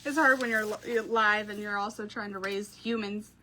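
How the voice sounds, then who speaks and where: A woman's voice: medium pitch, steady tone, normal speed, bright, forceful tone, a little hiss or hum. A woman, hosting a craft live stream from home, chatting to viewers, telling stories and laughing often. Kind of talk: casual live-stream chat.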